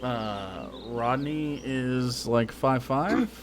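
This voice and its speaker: A man narrating as game master of a tabletop game, matter-of-fact and low-key, with noticeable background noise in his recording. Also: extremely slow.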